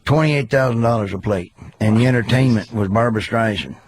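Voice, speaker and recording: A man's voice: medium pitch, brisk, slight background noise. A man, a comedian guest telling folksy stories in a casual radio chat. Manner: folksy storyteller, puts on voices for characters.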